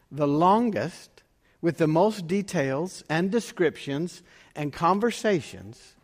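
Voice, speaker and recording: A man's voice: fairly high pitch, a little mellow. A man preaching as a pastor, reading scripture and telling a story in an earnest sermon. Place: church. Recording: long reverb of a church hall.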